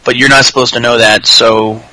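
A man putting on a cocky, boastful male pro wrestler in a slow, mock-menacing drawl. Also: medium pitch, flat delivery, pushed and bright, no echo, pitched below the performer's own voice, low-quality recording.

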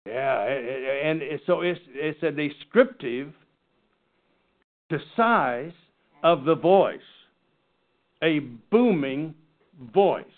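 Man teaching Bible study, earnest, halting, fairly high voice, tinny phone-like sound. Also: lively intonation.

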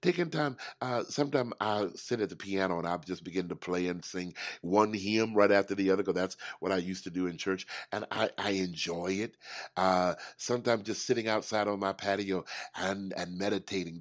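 A middle-aged man hosting a motivational talk show as a life coach, preachy and animated, acting out little voices. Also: low-pitched, normal speed.

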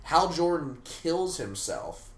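A man in casual podcast chat, talking in an animated, rambling way with frequent restarts. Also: on the high side, slow. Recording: roomy, faint ambience.

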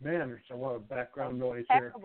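A man's voice: mid-range voice, normal speed. A man calling in to a poetry radio show, hesitant and groping for words. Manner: hesitant, full of fillers and restarts. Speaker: caller commenting on a poem. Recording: tinny phone line with faint noise.

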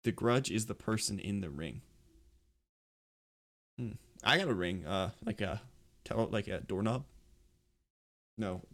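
A man's voice: fairly low pitch, a little slow, pauses often, a bit bright. A young man co-hosting a casual podcast, goofy and easily confused, giggling often. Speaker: podcast co-host. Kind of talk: casual chat.

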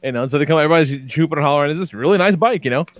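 Brief: lively, swearing male storyteller, slightly high voice, dry close mic. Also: very fast, no room sound. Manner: profane, excitable, laughing storyteller. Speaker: podcast co-host. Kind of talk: animated storytelling.

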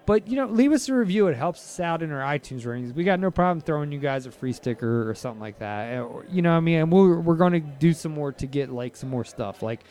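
A man's voice: a little high, lively intonation, fast, few pauses, a little mellow. A man co-hosting a podcast in casual chat, rambling and jokey with lots of fillers. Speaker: podcast co-host.

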